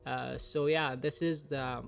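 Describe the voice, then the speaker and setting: A man's voice: mid-range voice, level tone, slow pace, creaky, clear, resonant tone. A man with a congested voice from the flu, casually rambling through a fan tier list with lots of fillers and some swearing. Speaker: anime and manga commentator.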